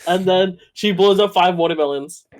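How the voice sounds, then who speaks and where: Male co-host, high voice, quippy, interrupts with jokes. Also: normal speed. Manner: jokey, cuts in with quips and laughs. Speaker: co-host, movie reviewer. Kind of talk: casual chat.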